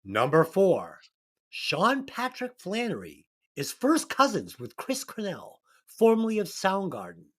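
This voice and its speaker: A man hosts a casual movie-review podcast, introducing segments and reading trivia in a loose, jokey way. He stumbles and restarts through his script, and his pitch rises and falls in a lively way. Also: a little slow, breathy edge. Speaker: podcast host.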